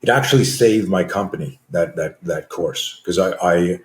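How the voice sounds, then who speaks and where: A man in his sixties, a self-defense coach telling a story as a podcast guest, animated and acting out dialogue with frequent restarts. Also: low voice, normal speed, roomy sound.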